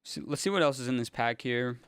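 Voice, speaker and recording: A young man, a music producer, casually thinking aloud in a relaxed, slangy way as he builds a track in his home studio. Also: mid-range voice, fairly quick. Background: faint synth music playing.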